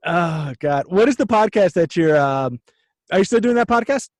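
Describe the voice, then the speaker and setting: Teasing podcast co-host, high and dry. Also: male voice, animated, moderate pace, dry recording. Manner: teasing, laughs easily. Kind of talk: casual chat.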